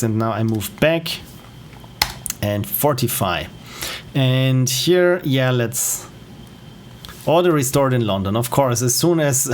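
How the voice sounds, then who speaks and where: A man giving relaxed, rambling gameplay commentary on a livestream, with self-deprecating asides. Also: medium pitch, slight background noise. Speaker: game streamer.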